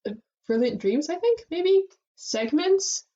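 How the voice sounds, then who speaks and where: A woman co-hosting a casual fan podcast, talking in an animated way with frequent laughs and fillers. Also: very high voice, slow. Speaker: podcast co-host. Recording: muffled lo-fi sound.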